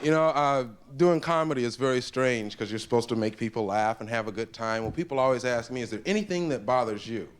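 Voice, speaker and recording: A man's voice: mid-range voice, fairly even intonation, a little fast, few pauses, a little hiss or hum. A man doing a stand-up comedy routine on a live stage, slipping into funny voices for the people in his jokes, from an old 1970s tape. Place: stage with a laughing audience.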